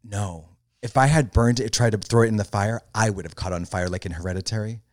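A young man co-hosting a casual podcast chat, animated and swearing, with shrieks of laughter. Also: lowish voice, a little fast, no room sound, studio quality. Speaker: podcast co-host.

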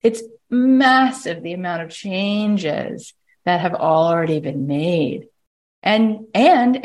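A woman hosting a podcast, talking in a casual, motivational way at a middle pitch. She is animated and acts out little inner voices as she goes. She keeps checking in with the listener by asking "right?". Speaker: podcast host.

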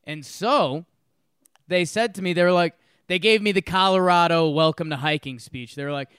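A man telling a story on a casual podcast, acting out what people said with plenty of laughter. His voice is smooth and resonant, sitting a touch higher than most men's. The sound is dry and close. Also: moderate pace, dry recording. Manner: animated storyteller, acts out quotes, laughs often. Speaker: podcast co-host.

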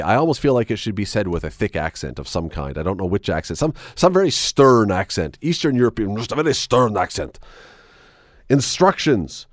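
A man's voice: mid-range voice, very animated, normal speed, no room sound, studio quality. A man hosting a radio talk show, chatting wryly and reading items aloud with sarcastic asides. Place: radio studio. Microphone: studio microphone.

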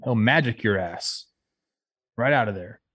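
A man's voice: fairly low pitch, lively intonation, a little slow, a bit bright, slightly rough, no echo, clean studio sound. A man co-hosting a casual sports podcast, talking in a loose, rambling way. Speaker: podcast co-host.

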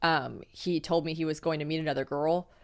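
A woman in her late twenties, co-hosting a podcast in casual, animated chat, laughing and swearing freely. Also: low voice, fairly quick, clean tone. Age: late 20s. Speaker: podcast co-host.

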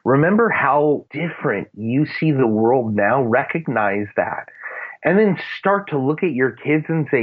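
A man's voice: mid-range voice, lively intonation, measured pace, breathy edge. A man sharing earnest, rambling faith-based parenting advice in casual chat, with plenty of fillers. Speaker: Christian parenting guest. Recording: phone-like narrow radio sound.

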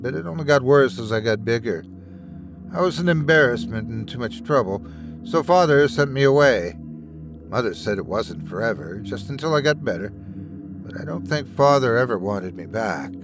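Timid whimpering childlike patient , read by a man, animated delivery, music bed. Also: medium pitch, moderate pace, lightly acted. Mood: timid, sad. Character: tall hidden asylum patient with a child's voice.

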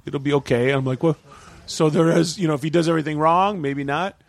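Man from Minnesota, guest producer, calm matter-of-fact chat, slightly high voice, dry close sound. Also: a little fast, gravelly, no room sound. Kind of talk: casual chat.

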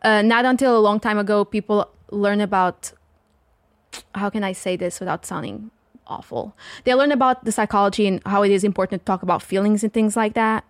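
Animated Portuguese-accented woman storyteller. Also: mid-range voice, brisk, no room sound, studio quality. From southern Portugal. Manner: animated storyteller acting out quotes. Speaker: guest comedian. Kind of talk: casual podcast chat.

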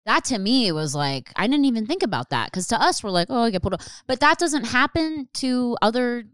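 A woman hosts a casual conversation, chatty and full of quick reactions. Her voice swings widely in pitch and sounds smooth and clear, recorded dry and close. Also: very animated, a bit bright, dry recording. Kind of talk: casual chat.

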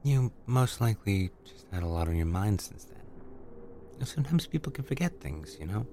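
Brief: man reading an enigmatic seductress, calm and teasing, deep-toned. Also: normal speed, a little hiss or hum. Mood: calm knowing. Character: mysterious playful woman named Memory.

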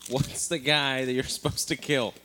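A man's voice: medium pitch, little pitch movement, normal speed, sharp tone, big-room sound, slight background noise. A man co-hosting a podcast, talking in a dry, casual way, padded with "you know.". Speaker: podcast co-host. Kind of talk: casual comedic banter.

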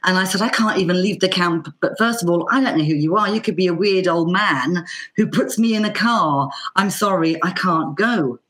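A middle-aged Irish woman, a banjo player, telling a casual anecdote in a lively way, acting out the voices she quotes. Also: fairly low pitch, moderate pace. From Ireland. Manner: lively, acts out quoted voices with lots of fillers. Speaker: banjo player and teacher guest.

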